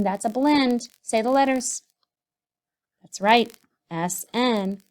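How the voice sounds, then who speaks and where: A woman teacher giving a recorded writing lesson to young children, speaking slowly and sounding out syllables and letters. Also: a little high, darkish tone. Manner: slow, sing-song, sounds out syllables and letters.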